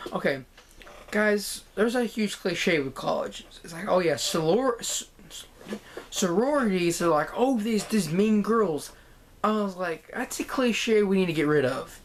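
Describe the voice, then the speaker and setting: A woman vlogging a casual, excited TV show review, rambling and repeating herself. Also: medium pitch, a little hiss or hum. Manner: enthusiastic, rambling, repeats "guys" and "freaking".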